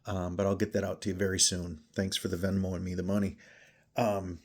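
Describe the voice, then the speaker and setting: A man's voice: sits low, flat delivery, a little fast. A man chatting casually as he tastes and reviews a bourbon, thinking aloud between sips. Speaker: whiskey reviewer. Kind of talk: casual tasting chat.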